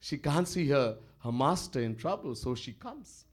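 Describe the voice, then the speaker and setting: A man, a swami telling a devotional story in an animated way and chuckling often. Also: medium pitch, normal speed, slightly rough.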